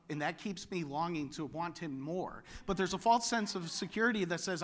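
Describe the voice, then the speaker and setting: A man preaching a sermon as pastor, animated and building to loud exclamations. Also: high-pitched, fairly quick.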